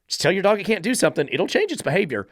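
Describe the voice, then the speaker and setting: A man gives a lecture on dog training in a blunt, profane, emphatic way, firing rhetorical questions at the listener. His voice sits somewhat high for a man. The recording is dry and close. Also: sing-song, racing, a bit bright, dry recording. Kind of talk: instructional monologue.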